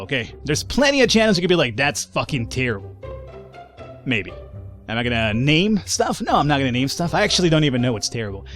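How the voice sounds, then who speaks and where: A man giving casual, sarcastic let's-play commentary, rambling and swearing freely. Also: on the high side. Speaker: gameplay commentator.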